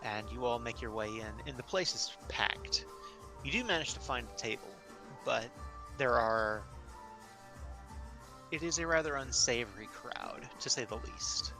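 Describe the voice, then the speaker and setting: A man running a tabletop game as game master, narrating scenes in a relaxed, descriptive way. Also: medium pitch, a little slow. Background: music.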